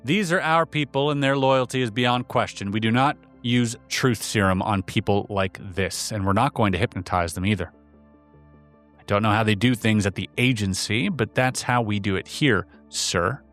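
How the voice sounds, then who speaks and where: A man voicing a formal military captain who speaks with measured words. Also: fairly low pitch, fairly bright tone, faint music behind, close to an everyday voice. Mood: stiff.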